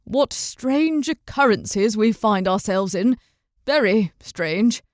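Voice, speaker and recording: A woman voicing a young noble knight who speaks in a formal, old-fashioned way, slow and apologetic. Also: medium pitch, expressive, dry recording, studio quality.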